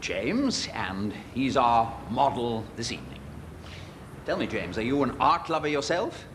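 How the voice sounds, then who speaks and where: A genteel art tutor whose polite, formal voice swoops up and down with lively pitch. His lines sit on a TV soundtrack with clear background noise behind them. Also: a little slow. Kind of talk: soap opera acting.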